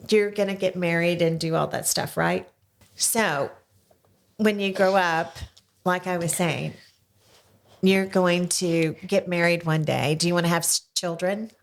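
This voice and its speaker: An older woman hosting a podcast, chatting with a child and coaxing him along with slow, gentle questions. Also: on the low side, creaky. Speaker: podcast host interviewing her grandson. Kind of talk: casual interview chat. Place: small home podcast studio.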